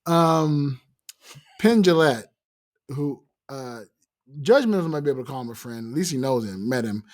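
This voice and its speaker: An American man hosting a podcast, chatting casually and telling animated stories with playful accent mimicry. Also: mid-range voice, moderate pace. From United States. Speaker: podcast host. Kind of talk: casual chat.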